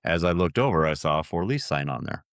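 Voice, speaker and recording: A man's voice: a bass voice, animated, fast, dry recording, clean studio sound. A middle-aged man as a podcast guest, telling a personal story earnestly, with many restarts and fillers.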